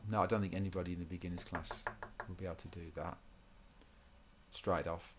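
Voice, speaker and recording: A man's voice: low voice, level tone, fairly quick, heavy background noise. A man teaching a guitar rhythm lesson in an informal way, often restarting his sentences and counting beats aloud.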